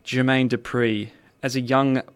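A man's voice: mid-range voice, little pitch movement, unhurried, clear, resonant tone. A man hosting a music podcast in a playful, chatty way with jokey asides. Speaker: podcast host. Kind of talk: casual music podcast chat.

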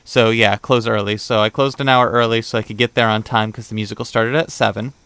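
A man's voice: on the low side, fairly even intonation, a little fast, fairly bright tone, clear, resonant tone, dry recording. A young man hosting a podcast, chatting casually and rambling through a dating story, acting out the quoted back-and-forth with lots of fillers. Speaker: podcast host. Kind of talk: casual chat.

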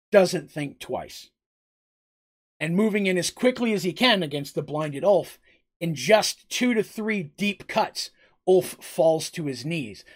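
Brief: tabletop game master, mid-pitch voice, vivid play-by-play of a fight, restarts phrases as he goes. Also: husky. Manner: vivid, blow-by-blow combat storytelling with frequent restarts. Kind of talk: improvised narration of a tabletop game.

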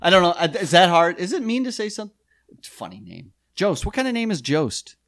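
A man's voice: high voice, very animated, quick pace, a bit bright, dry recording, clean studio sound. Rambling, foul-mouthed man in casual chat. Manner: rambling, swearing, jokey. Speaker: podcast co-host, sketch comedian.

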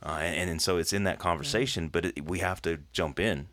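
A man co-hosting a church podcast in casual conversation, earnest and growing animated, laughing often. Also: deep voice, brisk.

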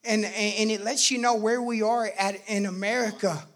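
A man recounts his faith testimony with animation, in a high-pitched voice at normal speed. He acts out the voices of people in his story and sometimes bursts out loudly.

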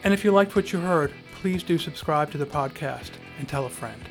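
A man's voice: fairly high pitch, brisk, creaky, soft background music. A man hosting a podcast, narrating a scripted story in a wry, dryly humorous way. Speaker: podcast host.

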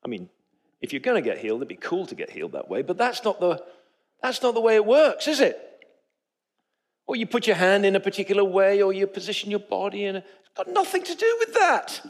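A man's voice: high-pitched, fairly quick. A man preaching a sermon to his congregation, telling stories and acting out the voices of the people in them. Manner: animated storytelling, acts out quoted voices. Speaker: pastor. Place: church sanctuary.

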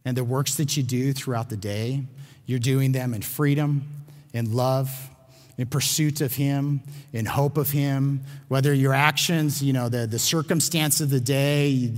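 A man's voice: medium pitch, darkish tone, long reverb tail. A man teaching a sermon on a Bible passage, earnest and emphatic, often restarting his phrases. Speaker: pastor.

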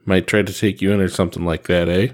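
A man's voice: sits low, little pitch movement, fast, close to an everyday voice. A man voicing an easygoing male companion in a read-aloud story, speaking in an offhand, casual way.

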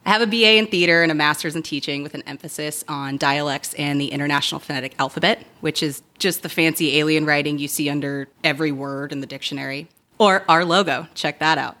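A woman's voice: low voice, fast, sharp tone. A woman co-hosting a podcast, reading a scripted introduction in a playful, self-deprecating way. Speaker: podcast co-host.

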